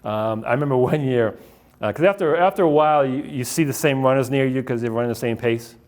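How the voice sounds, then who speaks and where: A middle-aged man tells running stories in a loose, rambling way. He talks at an ordinary pitch, stopping now and then to restart a sentence, and often drops in "uh" and "um" as he goes. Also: fast, darkish tone. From Boston area. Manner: rambling, anecdotal, many fillers and restarts. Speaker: author giving a library talk. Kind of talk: casual slideshow talk.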